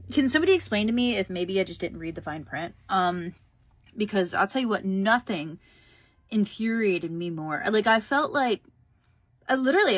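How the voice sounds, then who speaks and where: A woman's voice: medium pitch, fairly bright tone, no room sound. Indignant woman, dry close sound. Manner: indignant, sarcastic, exaggerating. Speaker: customer venting on video. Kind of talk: exasperated rant to camera.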